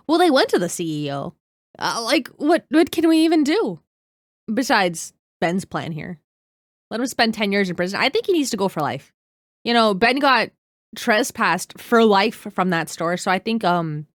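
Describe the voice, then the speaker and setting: Young woman ranting on stream, swears a lot, dry close mic, middle pitch. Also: no room sound. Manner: heated, swearing, greets chat by name. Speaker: streamer reacting to a video. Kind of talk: casual live-stream reaction.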